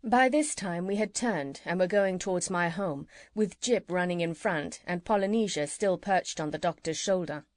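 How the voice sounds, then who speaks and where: A woman narrating a children's audiobook in a calm, even storytelling manner. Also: on the low side, normal speed, few pauses, no echo, studio quality.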